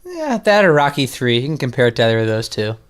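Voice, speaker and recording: A man's voice: mid-range voice, wildly swooping pitch, quick pace, clean tone. A man co-hosting a casual movie podcast, making blunt, sardonic remarks. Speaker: podcast co-host. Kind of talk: casual movie review chat.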